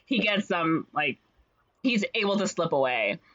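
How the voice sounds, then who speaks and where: A woman's voice: on the low side, expressive, unhurried, a bit bright, lo-fi sound. A woman retelling a story in casual chat, lots of fillers, slipping into playful voices for each character. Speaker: podcast co-host retelling a musical.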